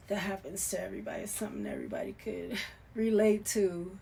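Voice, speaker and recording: Gravelly-voiced woman giving a casual tarot reading. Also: mid-range voice, fairly even intonation, brisk, a little hiss or hum. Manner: loose and conversational, swings from soft murmurs to loud emphatic bursts; swears casually. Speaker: tarot reader.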